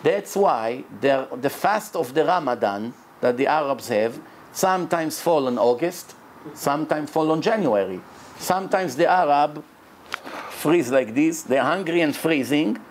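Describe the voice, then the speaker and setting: A man's voice: on the high side, lively intonation, unhurried, a little hiss or hum. A man, a rabbi who speaks natively, giving an emphatic religious lecture in English.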